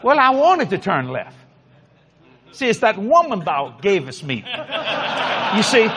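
A man's voice: high voice, huge pitch swings, measured pace, long pauses, fairly bright tone, a little hiss or hum. A man from New Orleans with its accent, preaching an emphatic, folksy storytelling sermon. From New Orleans, Louisiana. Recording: long hall reverb.

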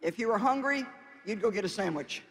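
Very high-voiced man preaching in a hall. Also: expressive, a little fast, fairly bright tone. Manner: folksy and conversational, with emphatic exhortations. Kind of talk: sermon.

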